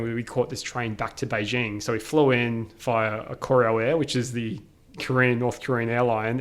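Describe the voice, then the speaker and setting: An Australian man, a podcast guest, telling a travel story in a casual, animated way, full of "like" and quick quoted voices. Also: medium pitch.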